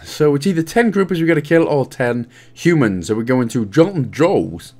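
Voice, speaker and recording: A man's voice: a little high, lively intonation, normal speed, few pauses, a little mellow. A man with a Welsh accent giving a casual, jokey walkthrough of a video game as host of a guide channel. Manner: chatty, jokey, rambling asides.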